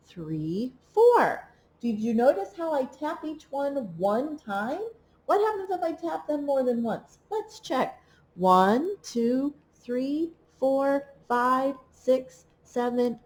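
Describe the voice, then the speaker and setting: A woman teaching a remote preschool lesson, reading, counting and chanting rhymes in a slow, encouraging way. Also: sits high, dark tone. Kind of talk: remote read-along lesson for young children.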